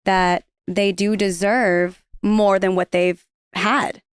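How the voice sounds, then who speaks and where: A woman's voice: mid-range voice, little pitch movement, slow, clear, resonant tone, no echo, clean studio sound. A woman on a podcast, chatting casually and explaining her points with quoted asides. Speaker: podcast guest. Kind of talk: casual chat.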